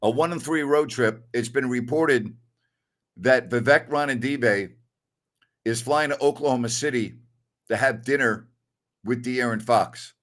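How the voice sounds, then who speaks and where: A man's voice: medium pitch, a little slow, long pauses, fairly bright tone. A middle-aged man hosting a sports talk show, blunt and opinionated, telling stories with a laugh. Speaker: sports radio host.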